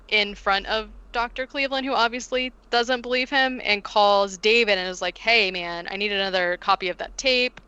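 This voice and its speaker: A woman co-hosting a podcast casually recaps a film plot, animated and leaning heavily on "like" while acting out quotes. Her voice is mid-range with a clean tone, and the sound is lo-fi.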